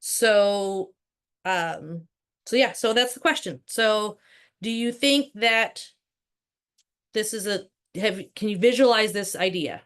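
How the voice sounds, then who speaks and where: A woman teaching a live workshop as a real estate trainer. She talks in a lively, conversational way full of rhetorical questions. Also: mid-range voice, slow, smooth.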